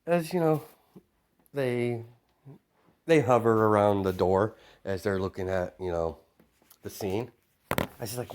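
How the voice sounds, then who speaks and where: A man's voice: lowish voice, slow pace, pauses often, background noise. A man improvising a fan story as a storyteller, rambling with many fillers and self-corrections.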